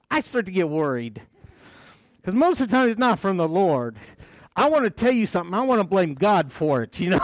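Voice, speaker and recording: A man's voice: sits high, big pitch swings, moderate pace, no echo, clean studio sound. A man from the United States preaching a sermon as pastor, telling a story with chuckling asides.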